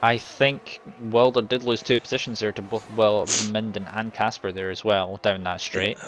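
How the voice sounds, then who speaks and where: Male co-commentator, lowish voice, rambling and unsure, faint background noise. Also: level tone, moderate pace. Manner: casual, rambling, second-guessing himself. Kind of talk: sim racing commentary.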